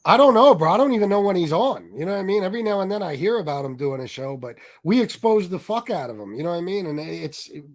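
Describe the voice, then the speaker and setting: A man's voice: sits high, animated, fast talker, few pauses. A man hosting a casual interview show, talking loosely and profanely. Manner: casual, says "bro" constantly. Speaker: host.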